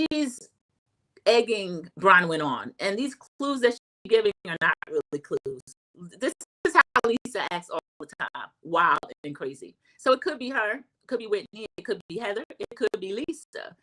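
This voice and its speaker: A middle-aged woman hosts a livestream from a home streaming setup, casually recapping a reality TV episode and sharing her opinions. Her medium-pitched voice moves at a normal speed through poor audio, and she gets chatty and animated when acting out quoted lines.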